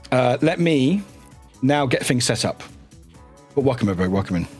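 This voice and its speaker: A man chatting casually on a live stream, excitable and often laughing and swearing. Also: mid-range voice, breathy edge.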